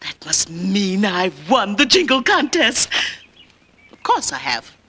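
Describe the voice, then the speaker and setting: A woman's voice: medium pitch, very animated, heavy background noise. A bossy, vain queen. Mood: frantic. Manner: imperious, fussy and quick to anger. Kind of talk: 1990s children's TV musical comedy.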